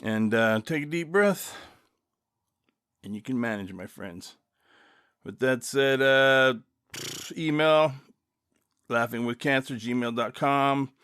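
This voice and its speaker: A man's voice: medium pitch, slow pace, long pauses, a bit bright, clear, resonant tone, dry recording, studio quality. Rambling laid-back man podcasting solo. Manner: rambling, self-deprecating, laughs often. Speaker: podcast host. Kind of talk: casual solo podcast monologue.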